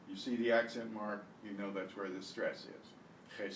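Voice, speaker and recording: A man teaching an online beginner language lesson, repeating words slowly with exaggerated pronunciation. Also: medium pitch. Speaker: Spanish teacher. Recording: echoey room, distant mic, faint hiss.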